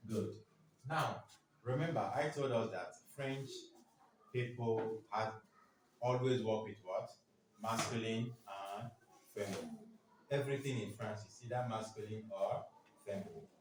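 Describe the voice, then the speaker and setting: Man, classroom teacher, slow deliberate pace, quizzing students, heavy room echo, distant mic. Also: fairly low pitch. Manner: keeps asking the class "what?" for them to fill in answers; drills words aloud for the class to repeat. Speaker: French teacher. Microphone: far from the speaker. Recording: very echoey room, distant mic, faint noise.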